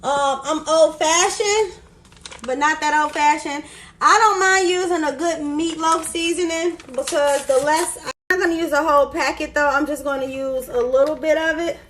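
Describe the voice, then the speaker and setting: A woman's voice: sits high, fairly even intonation, normal speed, a bit bright, slight background noise, low-quality recording. A woman hosting a home cooking video, chatty and explaining each step as she cooks in her kitchen. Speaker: cooking show host. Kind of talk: casual cooking demonstration.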